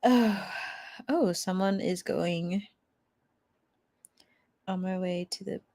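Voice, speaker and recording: A young adult woman hosts a casual livestream, chatting with viewers, laughing often and using lots of fillers. Her medium-pitched voice has a dark tone, she takes it slowly, and there is no echo.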